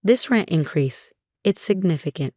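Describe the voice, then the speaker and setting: A stammering, defensive middle-aged office boss, caught off guard, as a woman narrator reads his lines. The voice sits low and stays dry and close, with no room around it. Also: lively intonation, moderate pace, a little mellow, no echo. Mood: flustered.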